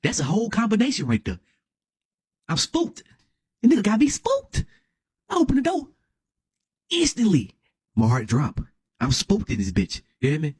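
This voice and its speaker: A young man telling a wild comedic story, dramatic and excitable, full of slang and constantly asking "you hear me?". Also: high-pitched, moderate pace, long pauses, husky, no echo. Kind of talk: animated comedic story time.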